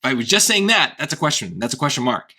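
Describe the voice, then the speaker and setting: Male tutor, casual explainer, thinks aloud, bright tone. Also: medium pitch, big pitch swings, fast, slightly rough. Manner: thinks aloud, restarts, often checks with "right?". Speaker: SAT tutor.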